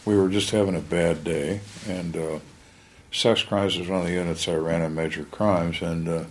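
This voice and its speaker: An older man, a retired police lieutenant, telling his stories in conversation in a blunt, plainspoken way with halting restarts. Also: low-pitched, fairly even intonation. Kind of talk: storytelling in a conversation.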